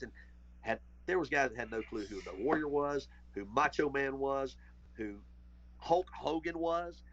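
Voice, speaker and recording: A man's voice: medium pitch, expressive, measured pace, gravelly, fairly bright tone. A man with a Southern US accent, a podcast guest telling stories in casual chat, rambling and restarting his sentences. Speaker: podcast guest, former wrestler. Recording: muffled lo-fi audio.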